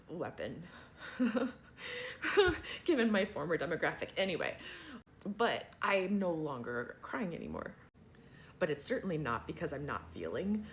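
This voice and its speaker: A man's voice: a little high, fairly bright tone, a little hiss or hum. A trans man chatting casually to his viewers, rambling and wry and laughing often. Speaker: vlogger. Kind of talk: casual chat to camera.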